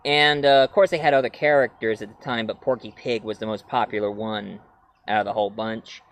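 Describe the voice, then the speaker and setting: A man's voice: on the low side, fairly even intonation, a little fast, fairly bright tone. A man reviewing classic cartoons in a rambling, casual way with many fillers. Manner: rambling, frequent fillers, breaks into cartoon voices.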